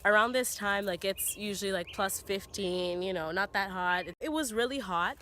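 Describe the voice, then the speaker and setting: Young woman, casual storytime vlog, filler-heavy chat, animated, outdoors in a forest, tripod camera. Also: mid-range voice, moderate pace. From Canada. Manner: chatty, heavy on "you know" and "like"; animated, voice rising as the story builds. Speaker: vlogger telling a story.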